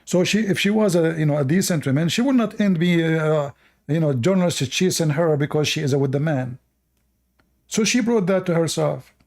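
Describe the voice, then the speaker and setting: A man's voice: on the high side, normal speed, a little mellow. A man from the Middle East hosting casual commentary, rambling bluntly and crudely with many fillers and restarts. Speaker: host.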